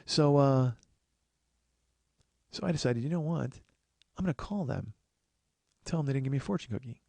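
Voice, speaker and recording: A podcast host in his forties tells stories in a rambling comedic monologue, restarting as he goes. His mid-range voice is creaky and dark in tone, moderately paced, with no echo.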